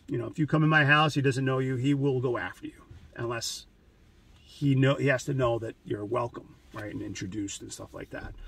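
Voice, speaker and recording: Male host, mid-pitched husky voice, loose anecdotal delivery with frequent restarts, dry room, mic set back a little. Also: no room sound, recorded from a distance. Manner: rambling, anecdotal, many restarts and fillers. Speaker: trading channel host. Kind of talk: casual monologue.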